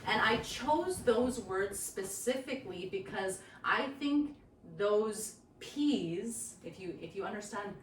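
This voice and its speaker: A woman from Saskatchewan with a Cree reserve accent, telling stories as a workshop presenter and acting out quotes with lively energy. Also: medium pitch, slow pace. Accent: Cree reserve English. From Cumberland House Cree Nation, Saskatchewan. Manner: animated, acts out quotes. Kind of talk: lively storytelling talk. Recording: roomy, distant mic, faint ambient noise.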